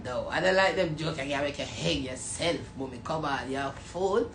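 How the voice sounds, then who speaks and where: A woman with a Jamaican accent ranting casually and profanely to her viewers, half joking, turning from mumbled apologies to loud outbursts. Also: sits low, normal speed, hardly any pauses. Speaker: vlogger. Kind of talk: casual comedic rant to viewers. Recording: roomy echo, faint background noise.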